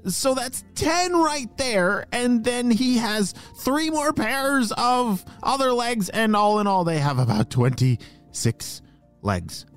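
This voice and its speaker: A man narrating a children's story, animated and talking directly to young listeners with questions. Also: high-pitched.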